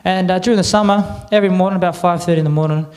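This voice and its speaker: An Australian man presenting to a live audience, chatty and a little croaky, getting the crowd to repeat words back. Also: high voice, fairly even intonation, very fast, darkish tone. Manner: chatty, quizzes the crowd with call-and-response. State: a bit croaky. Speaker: cultural presenter. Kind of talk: lively audience address.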